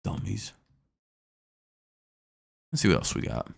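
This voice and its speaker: A young man hosting a casual live stream, first reading news, then ranting in an irritated, profane way at a viewer in the chat. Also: takes it slowly. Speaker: streamer host.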